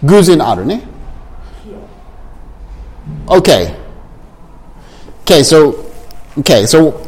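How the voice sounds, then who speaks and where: A man teaching English to a class of learners, repeating phrases slowly and switching into Japanese to explain. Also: fairly high pitch, sing-song, a little mellow.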